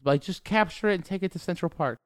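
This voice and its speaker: A man in casual podcast chat, excitable and laughing often. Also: sits high, fast.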